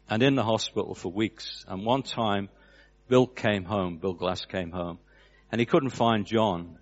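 A man preaching a sermon, telling a story with an earnest cadence that drops away at the ends of phrases. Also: lowish voice. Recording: dull lo-fi recording.

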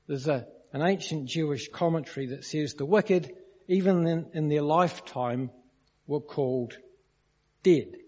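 A man preaches a sermon, explaining a verse, telling illustrative stories, and questioning the congregation. His voice is a little high and dark-toned, and he speaks a little slowly. The recording is dull and lo-fi, made in a reverberant hall.

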